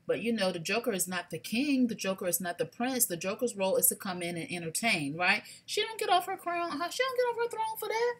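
A woman, hosting a casual live shopping stream, sassy and animated, talking straight to her viewers. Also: medium pitch. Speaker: livestream shopping host.

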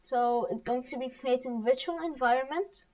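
A woman walking learners through a coding tutorial on screen, halting with many fillers and restarts. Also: high-pitched, a crowd in the background. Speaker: coding teacher. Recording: distant, dull lo-fi mic.

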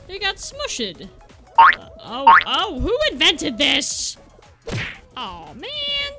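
A tipsy young woman comments on her racing game with a high, very animated voice that leaps all over the place. She drawls slowly, laughs, shouts and makes silly sound effects. Loud game music plays behind her. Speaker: gaming streamer. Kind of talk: drunk livestream commentary.

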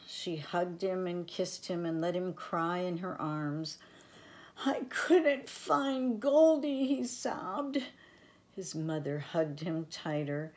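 An older woman reading a children's storybook aloud, gentle and affectionate. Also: sits low.

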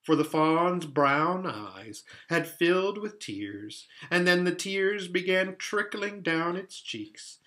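A man reading a children's book aloud in an expressive, dramatic way. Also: fairly high pitch. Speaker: storyteller.

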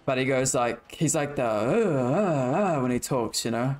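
A man's voice: mid-range voice, expressive, a little slow, hardly any pauses, a little hiss or hum. A young man streaming a horror game, chatting loosely and swearing as he plays. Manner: loose, profane banter with chat and opponent. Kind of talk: casual gaming chat.

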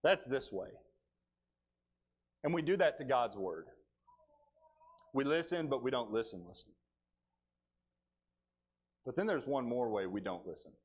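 A male preacher delivering a sermon in church, telling the story with animated, dry humor. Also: medium pitch, normal speed, pauses often, slightly rough, dull audio.

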